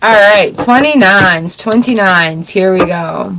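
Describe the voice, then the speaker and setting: A woman's voice: mid-range voice, slow, slight background noise, poor audio. A young adult woman hosting a live tarot stream, chatting casually and telling funny stories with frequent laughter. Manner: animated storyteller, laughs often.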